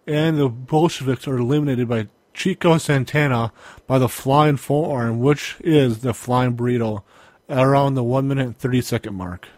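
A man's voice: medium pitch, normal speed, a little mellow, dry recording. A man co-hosting a casual podcast, recapping from notes with hesitant restarts. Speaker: podcast co-host. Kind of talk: casual chat reviewing a wrestling event.

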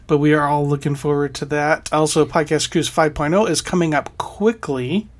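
A man's voice: fairly high pitch, fairly even intonation, normal speed. Upbeat man hosting a podcast. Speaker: podcast host. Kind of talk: casual podcast chat.

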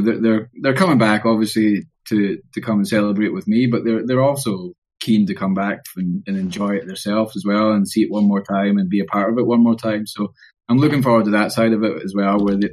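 Man, lowish voice, podcast interview guest, casual, repeats and restarts words. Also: fairly even intonation, a little fast, darkish tone. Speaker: ice hockey player being interviewed.

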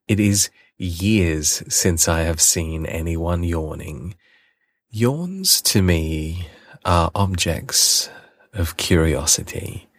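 A proud old king, as a male narrator puts him on, issues his orders in a grand, measured way. The voice is deep and unhurried with a husky edge, recorded dry and close. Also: animated, dry recording, exaggerated voice. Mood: commanding. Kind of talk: storybook reading.

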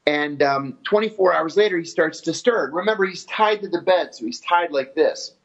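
A man telling his story in an interview in a steady, matter-of-fact way. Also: a little high, normal speed. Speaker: former intelligence officer telling his story. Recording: dull lo-fi audio.

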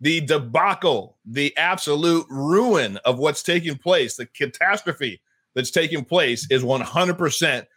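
A man's voice: a little high, unhurried, a bit bright, husky. A male podcast host speaking with emphatic fervor, often doubling his words as he goes. He chats casually with his guest and slips easily into praying aloud. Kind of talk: casual Christian podcast chat and prayer.

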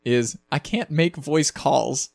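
A man co-hosting a podcast, talking in a relaxed, rambling way and restarting his sentences. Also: mid-range voice, takes it slowly, vocal fry, dry recording. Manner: relaxed, rambling, repeats starts. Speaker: podcast co-host. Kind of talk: casual chat.

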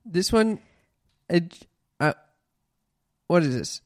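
A man's voice: high-pitched, normal speed. A man co-hosting a podcast in casual chat, swearing freely and sounding indignant as he reads messages aloud. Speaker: podcast co-host.

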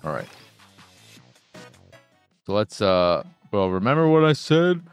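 A man giving casual, profane let's play commentary, excitable and thinking out loud as he plays. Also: fairly low pitch, takes it slowly, clear, resonant tone, soft background music. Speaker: gaming streamer.

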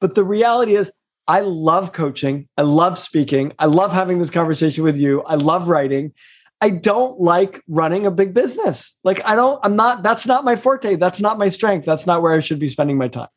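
Middle-aged guy, higher voice, coach chatting in an interview, emphatic, quick then slow. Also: lively intonation. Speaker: executive coach and guest. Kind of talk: casual interview conversation.

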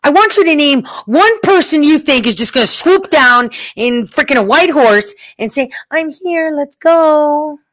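This woman, a political commentator, has a high, fairly bright voice and speaks animatedly at normal speed with hardly any pauses, on a dry recording. She addresses her viewers directly in a heated, emphatic, casual rant, swearing freely.

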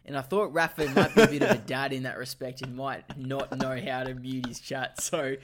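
A man co-hosting a podcast, a little hoarse from a sore throat, telling stories with lots of laughs. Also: medium pitch, steady tone, normal speed, background noise. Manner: laughing, loose storyteller. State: slightly lost voice, sore throat. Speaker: podcast co-host. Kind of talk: casual chat.

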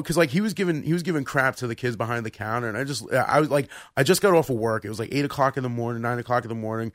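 A man's voice: mid-range voice, rapid-fire, few pauses, no echo, clean studio sound. A young man on a casual podcast, telling rambling anecdotes and acting out the voices of people in them. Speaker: podcast co-host. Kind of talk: casual storytelling chat.

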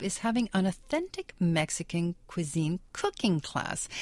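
A woman's voice: fairly low pitch, darkish tone, no echo. A woman hosting a radio show, chatting in a bubbly, enthusiastic way about local events. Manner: bubbly and enthusiastic, laughs often. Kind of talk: casual radio chat. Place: radio studio.

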